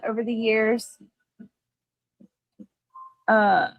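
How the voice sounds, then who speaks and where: A woman's voice: a little high, steady tone, drawn-out words, gravelly, no echo, muffled recording. A woman co-hosting a livestream in casual chat, sarcastic, greeting chat viewers. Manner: sarcastic, reads out chat names.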